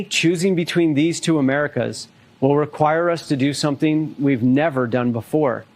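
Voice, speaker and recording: A man, a political candidate, giving a measured, earnest prepared speech. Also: medium pitch, a little mellow.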